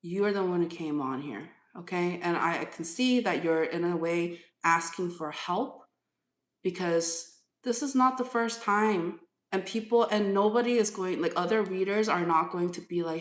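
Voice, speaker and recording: A woman's voice: lowish voice, measured pace. A woman tarot reader on a live stream, firmly lecturing a commenter and repeating her points. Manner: firm, lecturing, repeats herself. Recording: echoey room.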